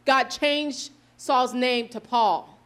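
A woman giving a sermon, reading scripture aloud and explaining it earnestly, slowing down for emphasis and correcting herself now and then. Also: high voice, fairly bright tone, clean tone. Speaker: preacher.

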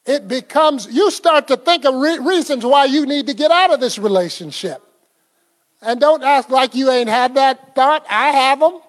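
A man's voice: very high-pitched, normal speed, big-room sound. A man preaching a sermon in a conversational way, quizzing the congregation and laughing often. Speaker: pastor.

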